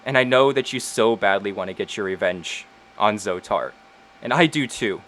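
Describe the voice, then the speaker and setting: A man's voice: lowish voice, moderate pace, a bit bright, natural voice. A man voicing a tearful young woman who pleads with a friend and swears as her voice rises. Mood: pleading. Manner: pleading and swearing, voice rising in urgency.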